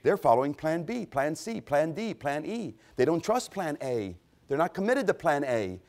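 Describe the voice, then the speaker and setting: A middle-aged man preaching a sermon, fervent and rising to loud, emphatic peaks. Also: fairly high pitch, sing-song, moderate pace, few pauses.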